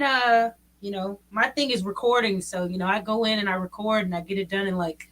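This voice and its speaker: A woman who is a recording artist, chatting as a guest on a live stream in an energetic, casual way. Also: medium pitch, brisk. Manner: energetic, bursts into song.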